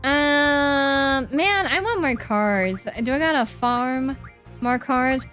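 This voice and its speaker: A woman streamer chatting casually while she plays a game, playful and quick to swear. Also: sits high, lively intonation, a bit bright, soft background music. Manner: playful, swears, reads game dialogue aloud. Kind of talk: casual gaming stream commentary.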